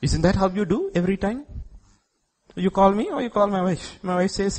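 A middle-aged man from India preaching a sermon in church, acting out God's words and shifting from hushed tones to loud outbursts. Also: high voice, animated, moderate pace. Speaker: pastor.

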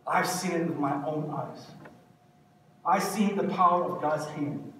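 High-voiced pastor preaching in an echoey hall. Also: male voice, takes it slowly, pauses often, a bit bright. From Korea. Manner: earnest, repetitive preaching cadence. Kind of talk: sermon. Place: church sanctuary. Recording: echoey hall, distant mic, faint hiss.

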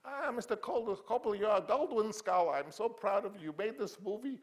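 An older man doing an impression of a fussy little old male studio boss who repeats his words insistently. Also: fast talker. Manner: high excited squawk, repeats words insistently.

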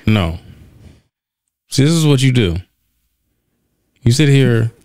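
A man's voice: mid-range voice, lively intonation, takes it slowly, a little mellow, no echo, studio quality. A man co-hosting a casual podcast, blunt and teasing, often cutting in. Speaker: podcast co-host. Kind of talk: casual chat.

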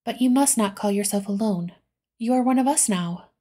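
A woman softly voicing a kind, gentle middle-aged mother in a whispered role-play reading. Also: mid-range voice, moderate pace, lightly acted. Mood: tender. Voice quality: soft, breathy.

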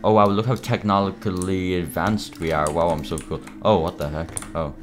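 A young man casually commenting while playing a game, mumbling and halting, with many fillers. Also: deep voice, steady tone. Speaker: gaming video creator. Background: game music.

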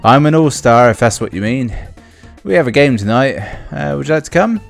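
A man's voice: medium pitch, animated, fairly quick, gravelly, soft background music, pitched above the performer's own voice. A man reading as a giant basketball star hero. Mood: easygoing. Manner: plain reading with no impression.

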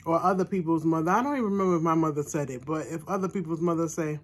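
A woman's voice: low-pitched, racing, husky. A middle-aged woman, chatting casually in an eating vlog and savoring her food with hums between bites. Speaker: mukbang vlogger.

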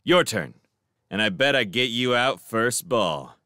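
A man's voice: mid-range voice, expressive, a little slow, pushed and bright, no echo, clean studio sound. A man voicing a cheerful, cocky teenage boy in a storybook reading, breezy and teasing. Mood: chatty.

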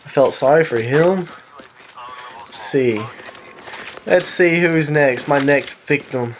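A man from the Southern US with a Southern accent, giving casual, rambling voice-over commentary on his own gameplay, excitable and jokey with sarcastic asides. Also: a little high, slow pace, slight background noise. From Southern United States. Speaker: gaming commentator.

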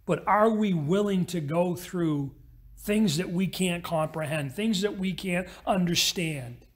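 A male pastor delivers a sermon in a high, husky voice. He slips into a brisk storytelling mode and speeds through the parable's voices.

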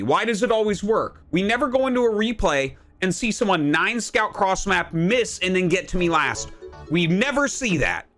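A man in his thirties streaming a video game, ranting in a profane, exasperated way and sometimes breaking into shouts. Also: high-pitched. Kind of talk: casual stream rant.

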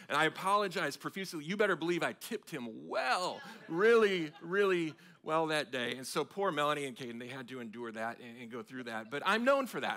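A man, preaching a sermon as a pastor and telling self-mocking stories in an animated way. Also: high-pitched. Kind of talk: storytelling sermon. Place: church sanctuary.

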